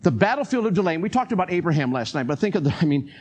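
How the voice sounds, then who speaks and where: An older man delivering a sermon with a husky, breathy voice pitched a bit high. He preaches animatedly and acts out little quoted exchanges, often with a chuckle. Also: big pitch swings, racing, darkish tone.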